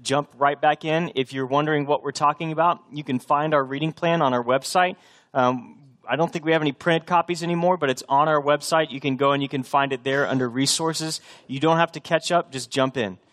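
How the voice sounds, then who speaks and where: Earnest man preaching, slightly high. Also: steady tone, fairly quick, a bit bright. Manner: earnest, repeats key phrases for emphasis. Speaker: pastor. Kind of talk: sermon.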